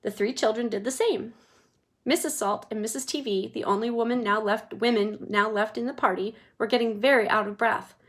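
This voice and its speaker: A woman reading a children's book aloud with expressive storytelling. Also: on the high side, fairly quick. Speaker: reader.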